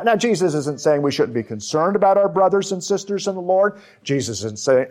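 A man preaching a sermon, slow and emphatic, with deliberate pauses on key words. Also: fairly high pitch. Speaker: pastor.

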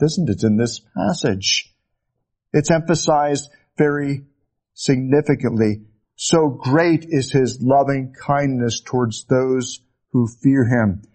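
Slow, fervent male preacher. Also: medium pitch. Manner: slow, rising to fervent emphasis, dropping to hushed tones. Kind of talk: sermon.

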